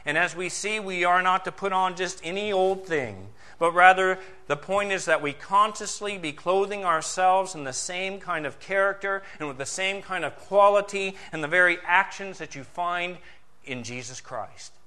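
A man preaching a sermon as pastor, asking rhetorical questions and swinging between loud emphasis and soft, low passages. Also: moderate pace.

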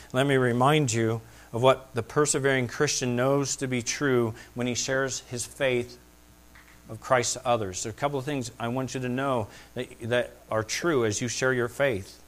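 A middle-aged male pastor preaching a sermon, swinging between loud, excited peaks and hushed, quiet asides. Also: mid-range voice.

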